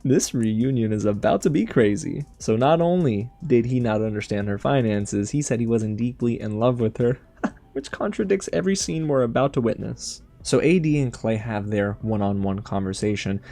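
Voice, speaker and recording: A man's voice: mid-range voice, normal speed, gravelly. Sassy man recapping a dating show. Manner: animated and sassy, addresses viewers directly. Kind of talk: casual recap and review commentary.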